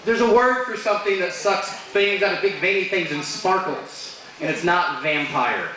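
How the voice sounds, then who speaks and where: A young man performing a stand-up comedy set in a bar, delivering crude jokes with deadpan punchlines. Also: high-pitched, normal speed, a crowd in the background. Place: bar stage with live audience. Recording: echoey bar room from far off.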